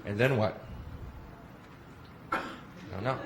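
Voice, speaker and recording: A man's voice: on the low side, slow pace. A young man doing a brash, profane live stand-up routine on a club stage, acting out voices as he goes. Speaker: stand-up comedian. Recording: echoey live club with loud audience noise.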